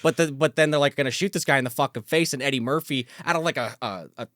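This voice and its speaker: A man's voice: medium pitch, fast, fairly bright tone, dry recording, studio quality. A man co-hosting a movie podcast, talking animatedly and joking about a film, swearing freely. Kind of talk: casual movie review chat.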